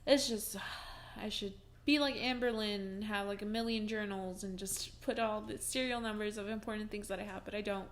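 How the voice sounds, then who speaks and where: A woman's voice: medium pitch, steady tone, moderate pace. A young woman vlogging from home, telling a personal story in a casual, chatty way with many fillers and restarts, and breaking into laughs as she talks.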